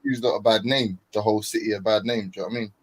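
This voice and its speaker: A man's voice: on the low side, fairly even intonation, racing, husky, no room sound, rough recording. A man in a casual group chat over a video call, talking hesitantly with lots of fillers. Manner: hesitant, filler-heavy, laughs easily. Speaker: panel guest.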